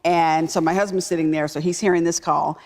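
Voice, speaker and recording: A woman executive telling a personal story in a talk-show interview, emphatic and animated. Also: low voice, fairly quick. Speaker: guest, business executive.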